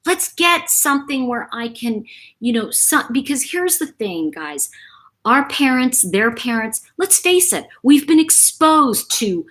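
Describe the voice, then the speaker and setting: A woman's voice: high voice, big pitch swings, a little slow, a bit bright. A middle-aged woman hosting a casual live chat, talking in a rambling, chatty way to her viewers. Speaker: livestream host.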